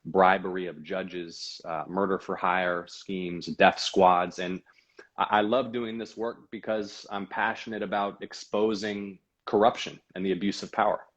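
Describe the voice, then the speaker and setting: A man running for office, answering interview questions in an earnest, measured way. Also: low voice, steady tone. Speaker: guest, political candidate. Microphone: video call. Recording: dull lo-fi video call audio.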